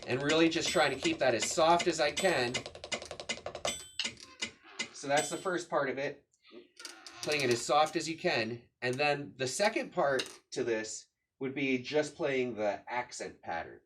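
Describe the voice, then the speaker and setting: A man gives a relaxed drum lesson, counting beats out loud as he plays. His voice sits at an ordinary middle pitch. There is steady background noise with stick clicks behind him. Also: a little slow. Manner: patient, counts beats aloud while demonstrating. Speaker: drum teacher. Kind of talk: casual instructional explanation. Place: room with a drum kit.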